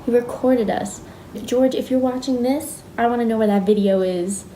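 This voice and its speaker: A young woman rambles happily through a fan story with a mellow, darker tone. A faint hiss sits behind her voice. Her sentences loop with fillers as she talks. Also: fairly high pitch, moderate pace, poor audio. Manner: chatty, rambling with "like". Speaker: fan recounting a concert day. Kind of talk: casual storytelling.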